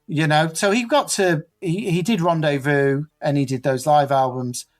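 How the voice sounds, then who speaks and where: Chatty man, slightly high voice. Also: moderate pace. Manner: chatty anecdotal storyteller. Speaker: podcast co-host. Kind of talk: casual chat.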